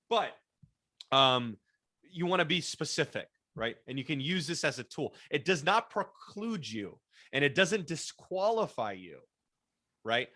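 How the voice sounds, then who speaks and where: A man whose first language is Spanish leads an online workshop over a video call. His voice is bright and forceful, and his talk is coaching, with frequent restarts and repeated words. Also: medium pitch. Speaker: workshop presenter.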